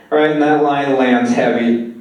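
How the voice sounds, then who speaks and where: A man's voice: medium pitch, a little mellow, recorded from a distance, muffled recording. A man giving a film lecture, retelling scenes from a script in a loose, conversational way. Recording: very echoey room, voice off-mic.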